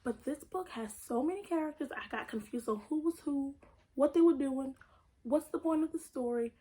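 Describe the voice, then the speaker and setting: A woman's voice: sits high, normal speed, dark tone, poor audio. A young woman vlogger chatting casually and bluntly about her books, with the odd swear word. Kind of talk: casual book haul vlog.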